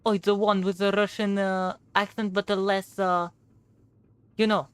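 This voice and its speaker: A woman's voice: mid-range voice, little pitch movement, normal speed, smooth, no room sound. Giggly woman streamer in easy gaming banter, dry and close. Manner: giggly, reads game lines aloud. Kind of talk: casual stream chat while playing a game.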